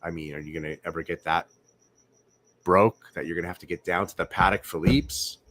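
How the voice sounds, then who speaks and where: A man with a very low voice hosts a casual late-night livestream from home. He rambles, repeats himself and keeps asking his viewers whether they agree. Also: fairly even intonation, fairly quick, a bit bright, a little hiss or hum. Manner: rambling, repeats words, asks viewers questions. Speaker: livestream host.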